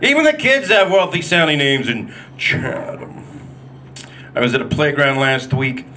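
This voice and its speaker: A man's voice: fairly high pitch, sing-song, measured pace, sharp tone. A man doing a live stand-up set at a comedy club, with a wry, self-deprecating, punchy delivery into a handheld mic.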